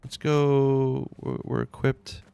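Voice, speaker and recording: A man live-streams a game, chatting in a laid-back, rambling, slangy way full of "like"s. His medium-pitched voice is gravelly yet warm and smooth, with a slow, flat delivery.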